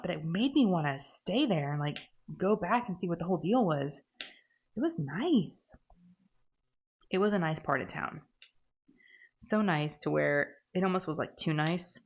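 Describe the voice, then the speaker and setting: A woman's voice: low voice, animated, a little slow, creaky, slightly rough, muffled recording. A woman chatting casually while she crafts, rambling and laughing at herself. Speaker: diamond painting crafter.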